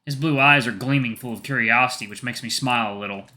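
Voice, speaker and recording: A man's voice: mid-range voice, fast talker, few pauses, sharp tone. A man narrating a visual novel in the first person, reading plainly with small slips and restarts.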